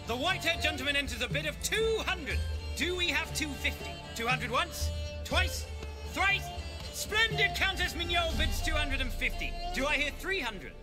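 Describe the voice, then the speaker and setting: An actor voicing a pompous auctioneer in a video game who calls out bids with grand, showy flourishes. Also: male voice, very high voice, big pitch swings, moderate pace, over music. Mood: grandiloquent. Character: pompous theatrical male auctioneer.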